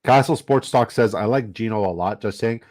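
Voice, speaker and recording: Lowish-voiced guy streaming his fantasy draft, swearing a lot and laughing at the other drafters. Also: normal speed, a little mellow. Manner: profane, joking, laughs often, trash-talks other drafters. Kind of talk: casual live-stream chat while drafting.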